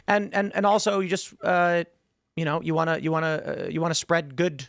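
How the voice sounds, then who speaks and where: Fast-rambling man telling stories in a dry studio. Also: fairly high pitch, creaky, a bit bright, dry recording. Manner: rambling storyteller, acts out quoted voices. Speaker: show host. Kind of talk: casual studio chat.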